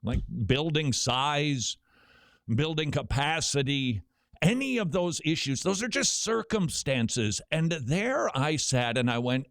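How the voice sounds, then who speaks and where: A middle-aged man hosting a talk radio show, telling stories with quick joking asides. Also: on the high side, animated, fairly bright tone, dry recording, studio quality.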